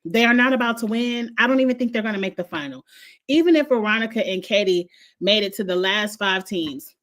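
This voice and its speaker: A woman's voice: mid-range voice, a little fast, fairly bright tone. Blunt, opinionated woman host. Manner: blunt, opinionated, swears freely. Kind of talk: casual reality TV recap.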